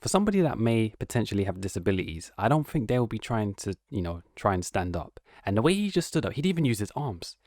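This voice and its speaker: Dry, low-voiced male commentator. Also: very animated, fast, hardly any pauses, a little mellow, no room sound. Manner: incredulous, mocking, slangy. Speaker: online commentator. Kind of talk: casual reaction commentary.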